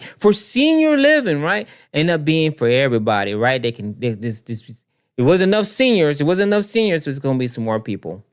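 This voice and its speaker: Animated man riffing on news clips. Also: fairly high pitch, smooth. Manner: animated, repeats himself, talks to viewers directly. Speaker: commentary show host. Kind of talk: casual commentary on news clips.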